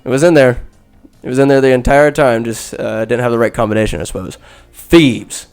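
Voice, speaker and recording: A man hosting a podcast, recapping a film in a rambling, casual way with crude asides and quick quoted voices. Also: mid-range voice, fairly even intonation, a little mellow, soft background music. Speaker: podcast host. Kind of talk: comedic movie recap.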